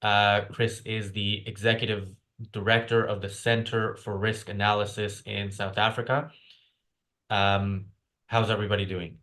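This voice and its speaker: A man's voice: lowish voice, little pitch movement, moderate pace, fairly bright tone. A man hosting an online talk show, speaking hesitantly with many fillers and restarts. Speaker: host. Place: lives in the UK.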